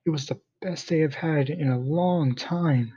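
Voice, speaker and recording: Man narrating a story, husky voice. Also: a little high, a little slow, mellow. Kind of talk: first-person story narration. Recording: dull lo-fi recording.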